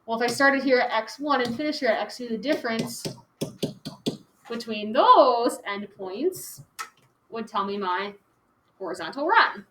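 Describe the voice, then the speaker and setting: A woman's voice: on the high side, expressive, a little slow, pauses often. A woman teaching a class, chatty and casual, filling her talk with "like" and "okay". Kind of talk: classroom lecture. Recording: echoey classroom, faint noise.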